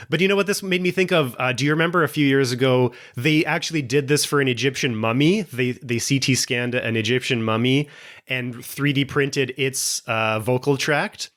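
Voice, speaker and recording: A man's voice: mid-range voice, moderate pace, fairly bright tone. A man chatting on a podcast panel, explaining things in a loose, filler-heavy way. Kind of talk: casual chat.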